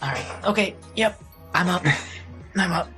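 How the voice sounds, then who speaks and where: Scruffy young man, groggy and flustered, higher than the narrator, put on by a male game master. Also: unhurried, sharp tone, faint music behind. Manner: mumbling, sleepy and flustered.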